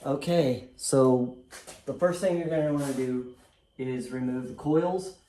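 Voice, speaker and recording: Speaking a little slowly in a mellow, mid-range voice, this man works through a car repair and explains each step casually. He's a DIY mechanic host who keeps cracking jokes at his own expense. There is slight background noise.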